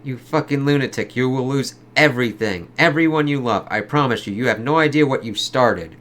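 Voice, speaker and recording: A man's voice: mid-range voice, brisk, fairly bright tone, close to an everyday voice. A man reading aloud the threats of a vengeful male gang boss, in his plain voice. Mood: threatening. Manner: plain read-aloud, no character voice.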